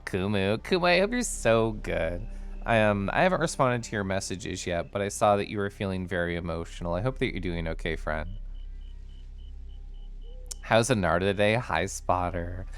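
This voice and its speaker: Chatty male streamer, bubbly and giggly, very expressive pitch, smooth clear voice. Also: normal speed. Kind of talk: casual livestream chat over gameplay.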